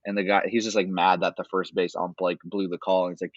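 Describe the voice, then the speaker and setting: Male podcast co-host, low husky voice, dull muffled recording, casual cursing sports chatter. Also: flat delivery, fast, no echo. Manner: loose, rambling, swears a lot.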